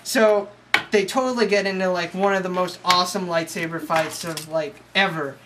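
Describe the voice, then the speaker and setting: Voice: mid-range voice, steady tone, normal speed. A young adult casually retelling a movie as a comedy recap, rambling, profane and full of "like.". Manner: slangy, profane, rambling with lots of "like". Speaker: storyteller. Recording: noisy home recording.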